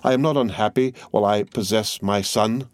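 A man reads the part of a sorrowful, gentle mother of noble bearing, her voice low and soft. Her mournful storybook lines come from a close, dry recording. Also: normal speed, no room sound, close to an everyday voice. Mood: tender. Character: grieving noble mother, middle-aged woman, tender.

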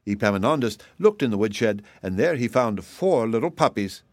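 A man reading a children's folktale aloud in a measured, expressive storytelling voice. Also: lowish voice, dry recording. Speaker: storybook reader. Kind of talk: scripted storybook narration.

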